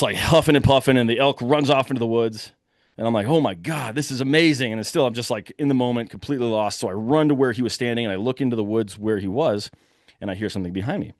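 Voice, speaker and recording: A young man telling a hunting story in a lively, casual way, acting out the shouts of the people in it. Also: medium pitch, dry recording, studio quality. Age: young adult. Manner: animated, breathless retelling with quoted shouts.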